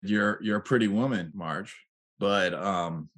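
A man's voice: lowish voice, measured pace, a bit bright. A man coaching real estate agents, who acts out sample sales lines and laughs at his own examples.

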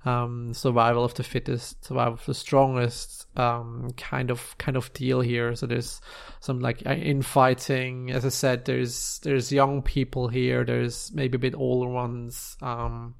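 A man narrating a tabletop game scene as game master, halting and searching for words with many restarts. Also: medium pitch, little pitch movement, vocal fry, clean tone.

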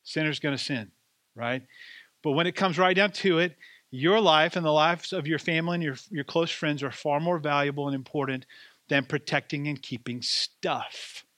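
A man's voice: a little high, moderate pace, fairly bright tone, no echo. A man preaching a sermon as pastor, with a conversational, self-deprecating way of telling stories.

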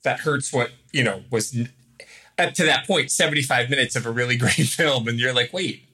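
Male podcast co-host, casual film review chat, wry, teasing, bright, husky. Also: mid-range voice, fairly quick. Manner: wry, teasing, stammers on restarts.

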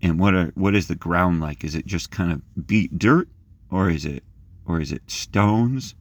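A man leading a guided scripture meditation, gently inviting listeners to imagine the scene and rising in pitch as he reads the verses. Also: measured pace, dry recording. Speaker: prayer leader.

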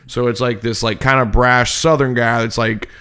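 A man's voice: medium pitch, level tone, moderate pace, bright, forceful tone, clear, resonant tone. A man in a casual chat, explaining loosely with lots of "like" fillers. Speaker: podcast co-host.

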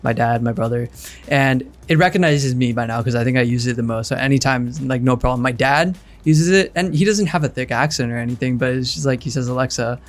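A man chatting casually on a podcast, relaxed and anecdotal. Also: medium pitch, brisk, few pauses.

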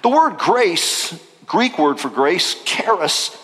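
A male pastor preaching a sermon in an animated way, breaking into acted-out voices and jokes. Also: sits high, takes it slowly, long reverb tail.

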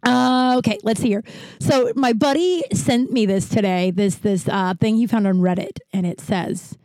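Laughing often, a Colorado podcast host in her thirties rambles through funny, foul-mouthed stories in casual comedic storytelling. She sounds high-pitched with a darkish tone, speaks at normal speed, and there's no echo.

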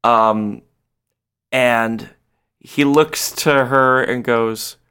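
A man narrating a tabletop game as game master, animated and often laughing. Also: drawn-out words, clear, resonant tone. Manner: animated, breaks into laughter and high squeals.

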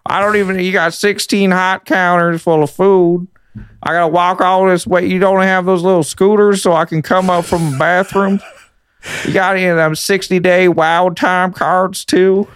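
A man putting on a loud Southern gas-station customer. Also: high voice, little pitch movement, normal speed, smooth, no room sound, pitched above the performer's own voice, lightly acted. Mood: rambling. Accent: put-on Southern US. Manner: rambling, pushy.

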